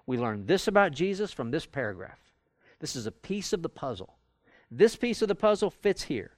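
A man's voice: on the high side, big pitch swings, moderate pace, darkish tone, dry recording. A man teaching a Bible study class in a conversational way, acting out quoted arguments as he goes. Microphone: recorded for audio with a live class.

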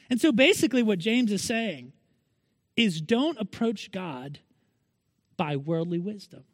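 A man's voice: sits high, darkish tone, dry recording, in a large hall. A male pastor preaching a Sunday sermon in an earnest manner, pressing his listeners with repeated rhetorical questions.

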